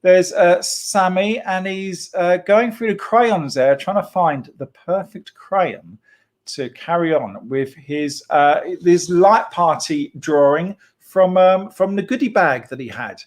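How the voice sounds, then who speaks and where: A man with a slightly high voice hosts a children's church club, talking casually to kids and families. He is playful and talkative, laughs easily, and stops often for an um or uh. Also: slow pace. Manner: chatty and playful, with frequent laughs and fillers. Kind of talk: casual online hosting for children.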